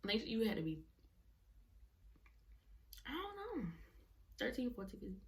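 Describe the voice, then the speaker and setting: A woman's voice: fairly high pitch, huge pitch swings, a little slow. A young adult woman vlogger telling a personal story in casual, rambling talk, often correcting herself mid-sentence. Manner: rambling, self-correcting, colloquial.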